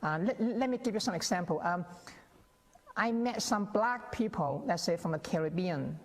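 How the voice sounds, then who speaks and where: A man's voice: sits high, lively intonation, normal speed. A male guest scholar explaining his views in a TV interview, with many restarts and acted-out quotes. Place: TV interview set. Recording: long reverb on the voice.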